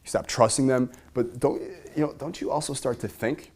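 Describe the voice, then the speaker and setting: At a normal speed and medium pitch, a man gives a high-energy seminar talk to a live audience. He fires off rhetorical questions and veers between loud emphasis and quiet asides.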